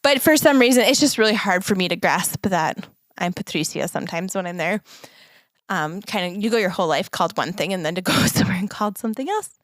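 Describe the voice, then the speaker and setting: A woman's voice: medium pitch, lively intonation, fast talker, fairly bright tone, no echo. A woman co-hosting a podcast, talking in an earnest, reflective way and laughing now and then. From United States. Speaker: podcast co-host. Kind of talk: casual chat.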